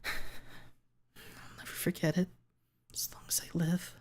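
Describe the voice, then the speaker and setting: A man voicing a pained, bitter teenage girl on the witness stand in whispered role-play, speaking quietly with a trembling, measured manner. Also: close to an everyday voice. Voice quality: breathy whisper.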